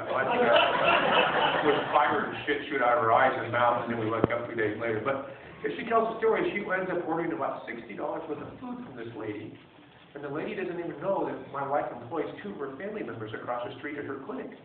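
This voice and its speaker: A man telling a humorous personal story in a wry, animated way to a room, recorded on a phone from far off. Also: medium pitch, fast, background noise. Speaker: speaker. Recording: distant echoey tinny phone recording.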